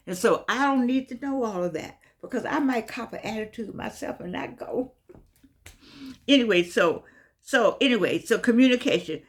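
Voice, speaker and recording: A woman's voice: on the high side, animated, moderate pace. A woman vlogging in a casual, meandering monologue that often circles back and repeats itself. Some of her words come out slightly slurred because of missing teeth. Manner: chatty, meandering, repeats herself.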